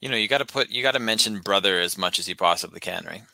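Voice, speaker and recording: Bright-voiced, wry male co-host. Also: low-pitched, fast talker, creaky, no echo, poor audio. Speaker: podcast co-host. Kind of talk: casual chat.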